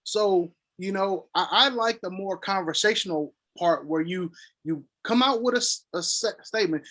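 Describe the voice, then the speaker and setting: A man with a high voice coaches someone through sales calls in a relaxed, chatty way. He slips into acted-out sample pitches and fills gaps with nonsense syllables. The tone stays casual and explanatory. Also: normal speed. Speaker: sales consultant. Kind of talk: casual consulting call.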